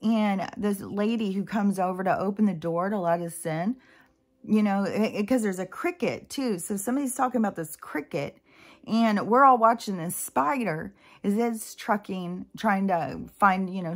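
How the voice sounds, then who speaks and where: A woman's voice: mid-range voice, moderate pace. A woman vlogger talking in a rambling, casual monologue, full of fillers and asides. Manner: chatty, meandering, many fillers and asides.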